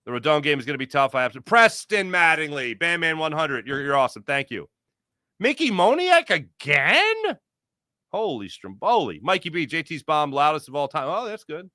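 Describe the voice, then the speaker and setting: A man hosting a live postgame sports podcast, reading viewer comments in an energetic, rambling, jokey way. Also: a little high, moderate pace, no room sound, studio quality.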